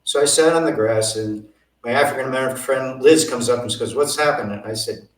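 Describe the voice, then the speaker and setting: A man's voice: mid-range voice, fairly quick, roomy sound, far from the mic, rough recording. A man telling stories as an interview guest, acting out the dialogue he quotes. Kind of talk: storytelling interview.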